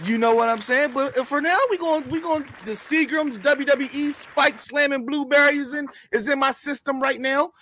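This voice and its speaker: A man's voice: extremely high pitch, normal speed, hardly any pauses, bright, forceful tone, slight background noise. A man in his thirties co-hosting a casual wrestling talk show, laid-back and rambling with jokes. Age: 30s. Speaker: co-host.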